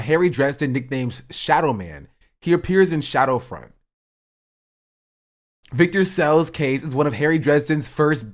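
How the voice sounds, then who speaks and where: A streamer reacting to a video clip, laughing and incredulous, talking to his chat. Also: mid-range voice. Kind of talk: livestream reaction commentary.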